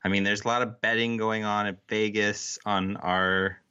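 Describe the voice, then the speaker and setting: A man's voice: on the low side, flat delivery, moderate pace, sharp tone, smooth, highs cut off. A man in his forties co-hosting a casual podcast, joking, teasing and laughing often. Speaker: podcast co-host. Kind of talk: casual chat.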